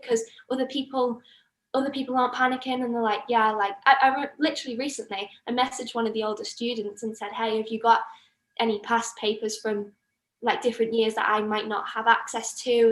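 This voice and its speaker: Woman, 20s, podcast guest, earnest, rambling, fairly high pitch, echoey room. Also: a bit bright. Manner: earnest, rambling with fillers and restarts. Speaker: podcast guest, engineering student. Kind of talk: casual interview chat.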